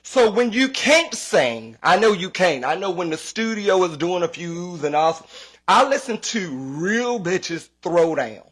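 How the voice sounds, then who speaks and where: Animated, foul-mouthed high-pitched man. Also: unhurried. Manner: profane, animated, repeats himself. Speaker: comedian. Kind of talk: casual comedic rant.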